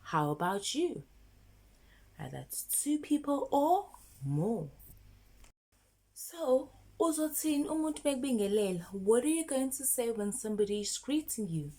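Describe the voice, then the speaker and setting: Lady teaching kids, slow and bouncy, lots of "can you say it", cheery praise. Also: on the high side, very animated, dark tone. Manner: slow, sing-song, encouraging repetition prompts. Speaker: isiZulu teacher for children. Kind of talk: children's language lesson.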